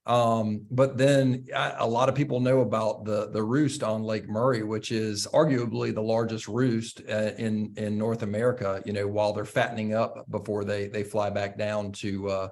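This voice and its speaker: A man hosting a casual conversation, talking haltingly with many fillers and restarts. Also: fairly low pitch, flat delivery, darkish tone.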